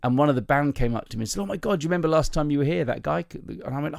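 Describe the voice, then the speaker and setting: A man's voice: on the high side, very fast, creaky, darkish tone, dry recording, studio quality. A male comedian hosting a podcast, telling chatty, self-mocking anecdotes in a casual voice with plenty of ums and restarts. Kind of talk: casual storytelling chat.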